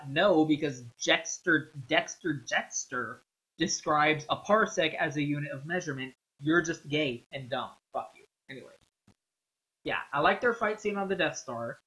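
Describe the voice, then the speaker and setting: A man's voice: medium pitch, sharp tone, poor audio. A man ranting casually about a movie, rambling and profane, with many fillers and strong opinions. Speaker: vlogger.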